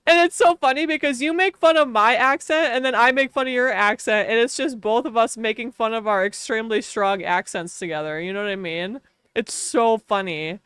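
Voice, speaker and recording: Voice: mid-range voice, brisk, fairly bright tone, smooth, dry recording, clean studio sound. A young adult game streamer with a strong Wisconsin Midwestern accent, chatting casually and playfully mocking their own way of talking.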